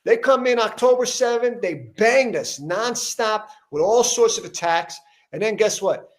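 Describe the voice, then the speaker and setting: A podcast host, a man with a high voice, interviews a politician in a heated conversation. He speaks emphatically but without rushing, often restarting his sentences, and his intensity rises as he gets worked up.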